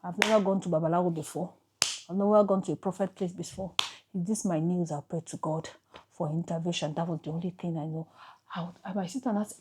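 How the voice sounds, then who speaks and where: A Nigerian woman vlogger telling an emotional personal story to camera, halting and repeating herself as she goes. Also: fairly low pitch, steady tone, noisy background.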